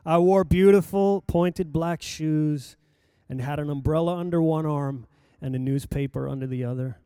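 An older man preaching, telling a personal story in a lively anecdotal way with acted-out quotes. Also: on the high side, normal speed, clear, resonant tone, no room sound, clean studio sound. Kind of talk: sermon storytelling.

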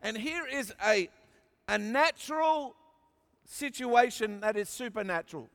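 An Australian man preaching a sermon, with emphatic delivery that moves from quiet asides to shouted peaks. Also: very high voice, animated, unhurried. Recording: long hall reverb.

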